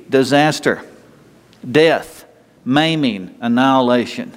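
A man preaching a sermon in an emphatic, conversational way, sometimes jumping into a high, whiny voice to mock complainers. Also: slow pace, smooth. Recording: long hall reverb.

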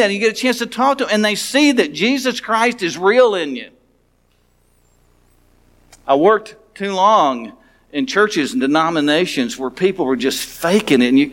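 A pastor preaches to his congregation in a plain, frank, conversational way. His voice sits high for a man. He often stumbles and restarts his sentences as he talks. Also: fairly bright tone. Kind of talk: sermon.

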